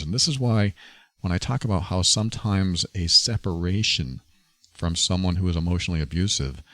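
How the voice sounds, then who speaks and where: A podcast host with a low-pitched voice offers an earnest, confessional monologue reflecting on his own experience. The recording is dry.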